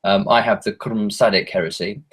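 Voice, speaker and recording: A man's voice: fairly low pitch, fairly even intonation, a little fast, fairly bright tone, slightly rough. An English man, a horror author, chatting casually as a podcast guest, hesitant with many ums and self-mocking asides. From England.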